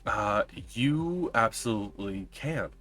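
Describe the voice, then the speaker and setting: A man's voice: fairly low pitch, animated, slow, bright, forceful tone. A man narrating a tabletop game as game master, describing scenes with frequent ums and uhs.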